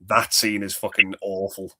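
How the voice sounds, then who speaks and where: A man's voice: low voice, little pitch movement, moderate pace, pushed and bright. Rambling man chatting about films. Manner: rambling, quotes film lines, laughs often. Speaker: podcast co-host. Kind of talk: casual film chat.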